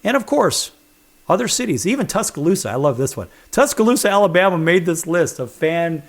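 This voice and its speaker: A man's voice: sits high, expressive, brisk. A man from Chicago hosting a sports talk show, counting down rankings with sarcastic, wisecracking emphasis. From Chicago, USA. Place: studio.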